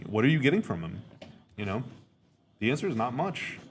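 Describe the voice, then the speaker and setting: A man's voice: mid-range voice, sing-song, a little fast, slight background noise. A man hosting a podcast, giving casual live reactions to a game, rambling, repeating himself and stating blunt opinions. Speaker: podcast host.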